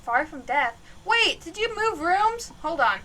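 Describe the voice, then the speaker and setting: A woman streamer chatting through a horror game live, jumpy and giggly, yelling out to the ghost now and then. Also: very high-pitched, very animated, unhurried, a little hiss or hum. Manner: chatty, jumpy, laughs often, calls out loudly to the ghost.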